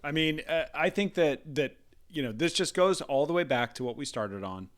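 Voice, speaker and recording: A man's voice: fairly high pitch, lively intonation. Easygoing podcast co-host, man. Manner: agreeable, conversational, quick affirmations. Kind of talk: casual interview chat.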